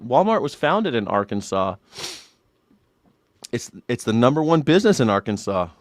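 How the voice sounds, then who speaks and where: A man's voice: mid-range voice, sing-song, normal speed, no room sound. A man hosting a reaction show, joking and cursing through casual commentary. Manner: joking, riffs into mock old-man voices. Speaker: news reaction show host.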